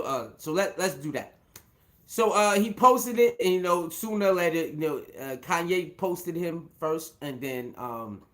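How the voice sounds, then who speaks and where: A man's voice: medium pitch, a bit bright. A man hosting his own show, giving rambling casual commentary full of fillers, repeated words and restarts, and chuckling now and then. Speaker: show host.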